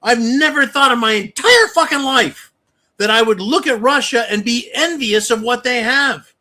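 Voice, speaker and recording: High, bright ranting man. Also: moderate pace. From United States. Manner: profane, ranting, heated. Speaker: channel host. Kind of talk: angry political rant.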